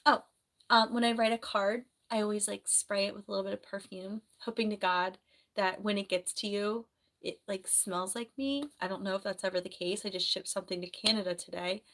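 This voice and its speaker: A woman streams live in a casual, rambling chat and reads out comments as she goes. She speaks softly at a middling pitch, and her sore throat makes her clear it now and then. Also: fairly even intonation, brisk. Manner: chatty, rambling, soft-spoken.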